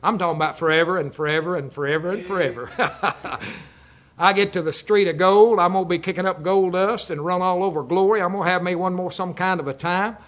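Older preacher, man, high voice, folksy storyteller who chuckles through his sermon. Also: a little fast, a bit bright. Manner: jokey, storytelling, chuckles often.

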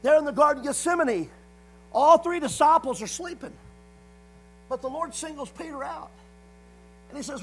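A man's voice: very high-pitched, expressive, moderate pace, long pauses, a bit bright, a little hiss or hum, rough recording. A man preaching a sermon, hammering points through repetition and punctuating them with frequent calls of "amen". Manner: repetitive emphatic phrasing, frequent "amen" call-outs.

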